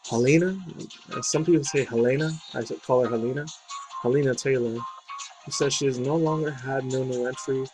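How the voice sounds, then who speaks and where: A man's voice: mid-range voice, fairly quick, poor audio. A man casually reading out a gaming news article, breaking off into rambling, slangy asides. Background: faint game music.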